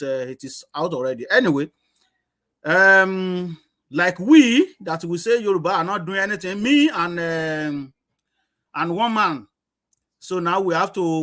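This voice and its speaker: A man, a guest on an online discussion, talking loudly and casually. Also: fairly high pitch. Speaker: guest panelist. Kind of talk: casual chat.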